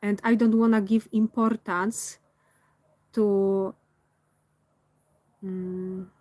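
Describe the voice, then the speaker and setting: Non-native English woman, reflective vlog monologue, slow and searching, dry close sound. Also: medium pitch, darkish tone, no echo. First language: not English. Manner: thoughtful, pauses to search for words. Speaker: vlogger.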